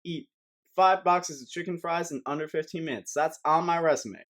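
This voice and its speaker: A man's voice: on the high side, normal speed, fairly bright tone. A young man giving a rambling, sarcastic comedic rant to camera as a vlogger, swearing often.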